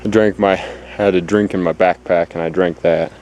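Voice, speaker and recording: A man's voice: low-pitched, steady tone, moderate pace, darkish tone. A man out of breath on a hunting trip, talking to the camera in a rambling, anxious way with lots of fillers, recorded outdoors on a handheld camera. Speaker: hunter vlogging outdoors. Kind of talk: casual vlog to camera. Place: outdoors in a forest clear cut. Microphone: handheld camera held close.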